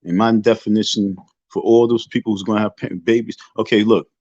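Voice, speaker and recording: A man's voice: lowish voice, fairly even intonation, fairly quick, a little mellow, no room sound. A man hosting a casual livestream rant, talking emphatically and preachily, repeating his points and swearing freely. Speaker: livestream host. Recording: dull lo-fi dry sound.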